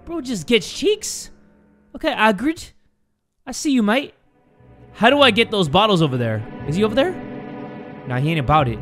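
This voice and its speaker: A young man hosting a gaming channel, giving jokey, excitable horror gameplay commentary, swearing and yelling when startled. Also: sits high, moderate pace, pauses often, soft background music.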